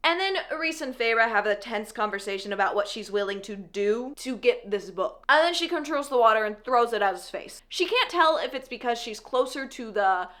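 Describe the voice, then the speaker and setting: A woman's voice: fairly high pitch, lively intonation, moderate pace, hardly any pauses, fairly bright tone. A woman casually recapping a fantasy novel, chatty and sarcastic, often laughing at her own asides. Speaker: book reviewer.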